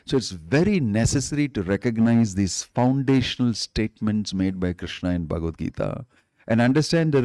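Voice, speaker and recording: A man's voice: mid-range voice, darkish tone, dry recording, clean studio sound. A man giving a sermon as a swami, emphatic and repetitive, stretching out key words. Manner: emphatic, repeats points, draws out key words. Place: temple hall.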